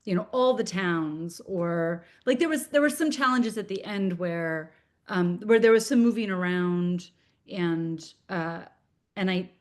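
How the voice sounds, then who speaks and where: A woman's voice: fairly low pitch, measured pace. A woman in her forties, a children's book author, chatting in an interview over a video call with lots of fillers and restarts.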